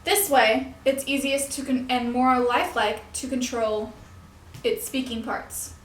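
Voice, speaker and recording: Young woman giving a puppet lesson, high voice, keeps correcting herself, roomy echo. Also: steady tone, measured pace, slight background noise. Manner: explanatory, with self-corrections. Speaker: puppetry instructor. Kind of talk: instructional demonstration. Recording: echoey room.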